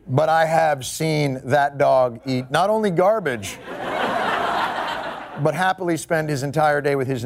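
A man with a New York accent performs a comedy monologue, his voice lively and rising high when he rants. He swings between mock outrage and dry asides. A studio crowd and steady noise sit under him. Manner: animated, mock-indignant, switching to deadpan asides. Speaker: late-night comedy host.

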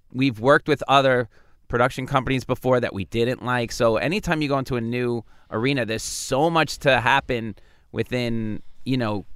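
A male comedy writer tells stories as a guest in a casual interview, acting out both sides of each conversation. His voice sits in a middle pitch. The recording is dry and close. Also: clear, resonant tone, no echo. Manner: animated, acts out quoted dialogue.

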